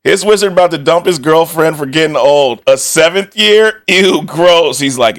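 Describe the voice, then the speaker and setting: A man's voice: a little high, lively intonation, normal speed, few pauses. A young man streaming, reacting casually to outfits with constant laughter, swearing and joking banter.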